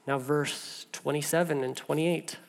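Preacher repeating a slow refrain. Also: mid-range voice, steady tone. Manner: repeats a refrain slowly for emphasis; conversational asides with stumbles and restarts. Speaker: pastor. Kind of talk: sermon with scripture reading.

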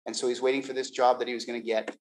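A man's voice: mid-range voice, racing, a little hiss or hum, rough recording. Man animatedly telling a faith testimony. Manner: animated, repeats words, acts out quoted dialogue. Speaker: Christian giving a personal testimony. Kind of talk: storytelling testimony.

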